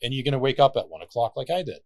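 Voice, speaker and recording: A man of Lebanese background, a podcast guest, telling stories in casual chat with lively swearing. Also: mid-range voice, very fast, no room sound. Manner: animated storyteller, swears casually.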